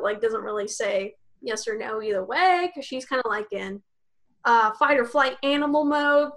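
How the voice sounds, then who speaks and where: A woman's voice: fairly high pitch, a bit bright. A woman co-hosting a podcast, casually recapping a tabletop role-playing session in a rambling, profane way, laughing often and acting out the characters' lines. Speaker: podcast co-host.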